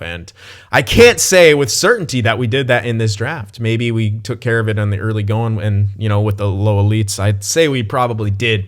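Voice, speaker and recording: A young man casually commenting on his gameplay as he plays, thinking aloud, swearing and blurting sudden excited outbursts. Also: lowish voice. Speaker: gaming channel host.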